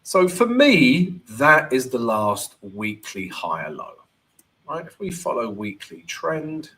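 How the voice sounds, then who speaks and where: A man's voice: medium pitch, sing-song, takes it slowly, bright, forceful tone. A man hosting a live trading stream, talking casually and with energy, and often checking in with "right?".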